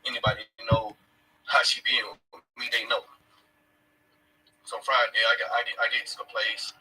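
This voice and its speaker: Man, casual profane storyteller, very bright husky tone, distant mic. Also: medium pitch, level tone, moderate pace. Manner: blunt, profane, emphatic retelling. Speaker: father of a missing woman's child.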